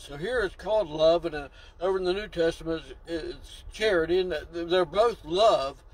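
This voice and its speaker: A man's voice: fairly high pitch, moderate pace, hardly any pauses, breathy edge, poor audio. A man preaching a sermon, exclaiming and drawing out key words for emphasis.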